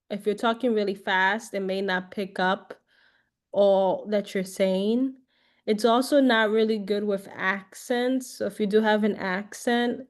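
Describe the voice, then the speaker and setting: A woman teaching a casual online class on phone features, chatty and loose, with lots of fillers and little check-ins like "right?". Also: medium pitch. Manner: chatty, repeats herself, many fillers and "right?". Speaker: class instructor.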